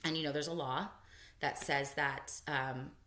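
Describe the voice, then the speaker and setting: A woman co-hosting a podcast, telling a personal story in casual chat and voicing the people she quotes. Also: measured pace. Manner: animated storytelling, voices quotes with big pitch jumps. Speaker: podcast co-host. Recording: echoey room, early podcast audio.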